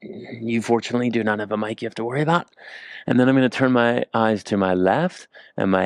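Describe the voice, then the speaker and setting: A male movement instructor guiding slow floor exercises, cracking self-mocking jokes between cues. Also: medium pitch, fairly even intonation, no room sound, studio quality. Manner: joking, self-mocking asides while demonstrating. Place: indoors on the floor. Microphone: handheld or clip mic he keeps moving.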